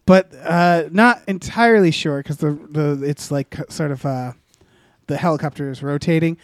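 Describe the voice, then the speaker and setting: A man's voice: on the high side, moderate pace, no room sound, clean studio sound. A man co-hosting a comedy podcast, rambling through an improvised story with many filler sounds and restarts. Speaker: podcast co-host.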